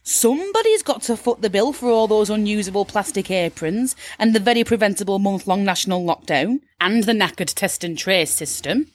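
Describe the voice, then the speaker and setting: A woman's voice: mid-range voice, animated, moderate pace, few pauses, lightly acted. An actress playing a brash, gushing Yorkshire mother who turns rude in a flash, in a comedy sketch monologue. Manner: gushing, breathless, sudden swearing.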